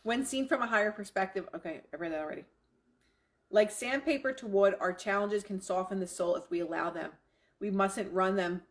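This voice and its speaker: A middle-aged woman talking as a self-help coach. She sounds enthusiastic, keeps repeating affirmations and swears casually. Her voice sits at an ordinary middle pitch for a woman. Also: a little fast. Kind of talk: live coaching talk.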